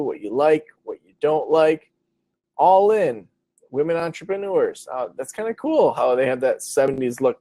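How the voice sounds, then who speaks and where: Guy running a webinar, kinda high voice, loose and chatty, dry close mic. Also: a little mellow, no room sound. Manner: casual, chatty, many fillers, reads out viewer questions. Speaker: webinar host. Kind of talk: live webinar teaching. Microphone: computer mic over a web stream.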